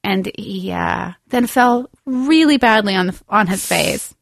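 A woman's voice: medium pitch, expressive, a little slow, creaky. A woman co-hosting a comedic podcast, telling a self-deprecating story and laughing often. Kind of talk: comedic casual chat.

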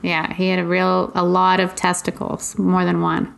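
Gravelly-voiced woman telling a rambling story. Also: on the low side, completely flat delivery, moderate pace, a bit bright. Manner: rambling, laughs often. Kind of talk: casual chat, storytelling.

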